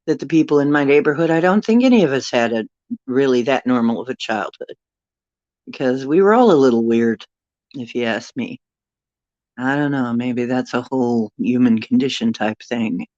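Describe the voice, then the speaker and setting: A woman's voice: a bass voice, darkish tone, no room sound, lo-fi sound. A middle-aged woman telling a rambling personal story to a live chat, stopping now and then to greet viewers. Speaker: paranormal livestream host.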